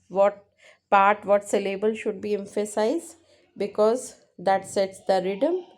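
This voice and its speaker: A woman teaching linguistics, explaining exam answers slowly and repeating points, often checking with "right?". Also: fairly high pitch, warm tone. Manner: slow, repetitive, keeps checking with "right?". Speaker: English teacher.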